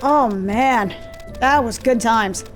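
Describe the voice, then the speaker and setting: A woman with a fairly high voice talks through her gameplay in a loose, rambling way, poking fun at herself as she goes. She speaks into a desk mic at home. Soft game music and the clack of a mechanical keyboard sit faintly under her voice. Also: slow pace. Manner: chatty and self-deprecating, easily sidetracked. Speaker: let's play host. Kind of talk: casual gameplay commentary. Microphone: desk mic with gain turned down in software. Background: faint game music and clicky mechanical keyboard.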